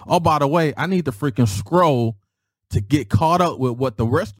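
A man hosting his own podcast, telling stories in a casual, animated way and peppering his speech with mild cuss-word substitutes. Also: moderate pace, dry recording, studio quality. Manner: animated, swings his voice high for emphasis; peppers speech with "freaking" and "daggone". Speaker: podcast host. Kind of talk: casual storytelling.

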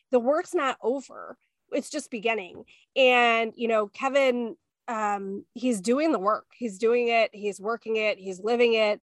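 A woman's voice: a little high, a bit bright, dry recording. A woman from central Illinois, co-hosting a podcast in a friendly, chatty way. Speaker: podcast co-host. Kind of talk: casual podcast conversation.

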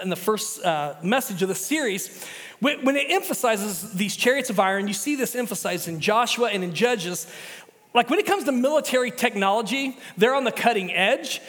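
A man's voice: very high voice, a bit bright, big-room sound. A man preaching a sermon as pastor, chatty and casual, often restarting his sentences.

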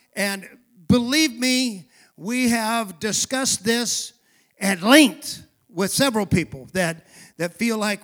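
A male pastor preaching a sermon, calling for responses from the congregation and rising to shouted emphasis. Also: high-pitched, expressive, takes it slowly. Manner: drops to a quiet aside voice for asides.

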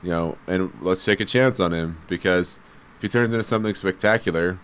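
A man in casual sports chat, explaining his view in a measured way with frequent fillers. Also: low-pitched, a bit bright, slight background noise.

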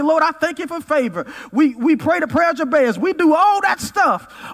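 A pastor in his forties preaching a sermon, swinging from loud peaks to quiet asides. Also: very high voice. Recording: reverberant hall.

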